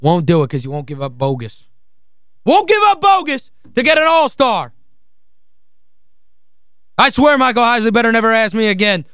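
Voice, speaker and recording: High-voiced ranting sports radio man. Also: sing-song, normal speed, pauses often, a bit bright, clean tone, no echo, studio quality. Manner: heated, exasperated, emphatic ranting; repeats phrases for emphasis. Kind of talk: call-in sports talk rant. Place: radio studio.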